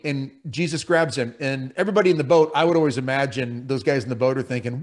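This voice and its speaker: A man's voice: a little high, animated, fast talker, few pauses. A man hosting a faith talk show, earnest, telling stories and asking long questions. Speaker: host.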